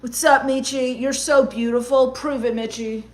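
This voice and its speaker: High-voiced sarcastic woman streamer. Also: steady tone, normal speed. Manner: sarcastic, gloomy, mock-goth ranting. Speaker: livestream comedian reading chat. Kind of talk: comedic livestream chat reading.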